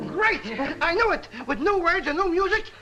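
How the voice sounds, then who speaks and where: An actor playing a brash, excitable male song publisher who talks in fast, slangy, theatrical sales patter, in a 1950s film comedy. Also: extremely high pitch, over loud music, poor audio. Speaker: music publisher.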